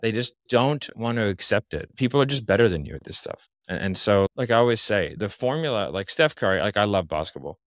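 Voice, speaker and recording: Blunt, deep-voiced man. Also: very animated, fairly quick, few pauses, dry recording, studio quality. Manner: confident, blunt, explains with examples. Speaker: podcast guest. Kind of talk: casual interview talk.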